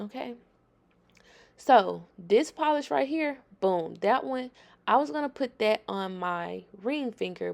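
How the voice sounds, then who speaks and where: A woman's voice: mid-range voice, gravelly. A woman hosting a nail tutorial, talking viewers through her work in a chatty, emphatic voice-over.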